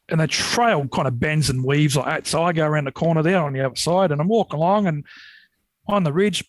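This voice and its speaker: Australian man, casual rambling yarns, slightly high voice, dry studio mic. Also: dry recording, rough recording. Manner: rambling, animated when retelling scares. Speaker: podcast guest, Yowie researcher. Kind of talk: casual storytelling.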